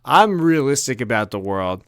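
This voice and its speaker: A man's voice: medium pitch, moderate pace, no room sound. Profane, laughing podcast man, dry sound. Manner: profane, animated storytelling with laughs and acted-out quotes. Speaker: podcast co-host. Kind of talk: casual comedic rant.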